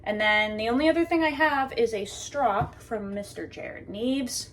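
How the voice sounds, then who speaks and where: A woman's voice: fairly high pitch, measured pace, slight background noise. A woman reviewing a knife in a casual, chatty way, joking and talking straight to her viewers while she sharpens at her workbench.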